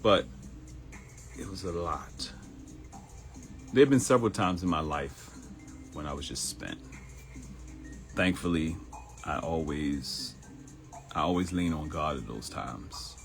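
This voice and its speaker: A man with a bass voice hosts a live morning stream, delivering a motivational monologue that blends preaching with comedy and acts out quoted voices. He's preachy yet conversational, calls listeners y'all, speaks slowly and expressively with frequent pauses, and faint music plays behind him.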